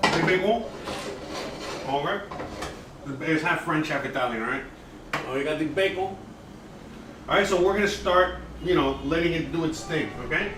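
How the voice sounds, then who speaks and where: A man's voice: fairly high pitch, moderate pace, long pauses. A man hosting a casual live cooking demo, chatty and easily distracted as he talks while he works in his home kitchen. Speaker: cooking show host. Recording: roomy echo, mic far off, background noise.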